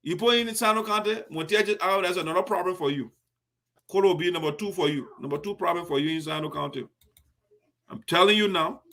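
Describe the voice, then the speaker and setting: Indignant radio host. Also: male voice, sits high, brisk, creaky, fairly bright tone. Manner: indignant, emphatic, restarts often. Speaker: host of a diaspora radio show. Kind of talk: political radio commentary.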